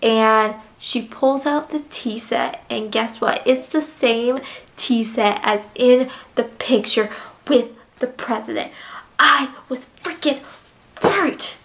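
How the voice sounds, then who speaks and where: A woman's voice: a little high, takes it slowly, a bit bright. A young woman casually recapping a novel she loved, emotional and full of fillers. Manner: gushing, emotional, filler-heavy retelling. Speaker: book reviewer. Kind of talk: casual book review chat.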